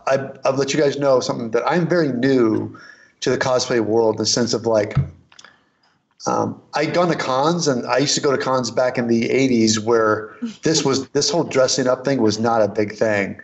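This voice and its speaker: A man's voice: mid-range voice, highs cut off. A middle-aged man telling a long anecdote in a casual interview, rambling with restarts and quoted dialogue. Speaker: guest, costume and prop maker.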